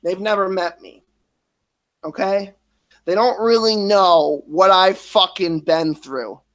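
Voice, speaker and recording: A man's voice: high voice, fairly bright tone. Emotional, swearing man in his thirties. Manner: swearing, halting, restarts and trailing off. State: emotional, near tears at times. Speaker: streamer. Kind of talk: emotional personal confession.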